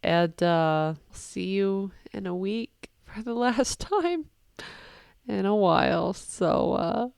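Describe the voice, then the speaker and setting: Expressive woman host reacting to a show. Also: medium pitch, takes it slowly, gravelly, clear, resonant tone, dry recording, clean studio sound. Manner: expressive and swearing, rambling. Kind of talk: casual emotional reaction commentary.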